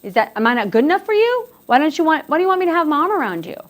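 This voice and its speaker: A woman's voice: sits high, very animated, voice pushed up. A woman acting out a jealous, needy dating partner who fires off pleading, accusing questions. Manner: pleading, rapid-fire questions.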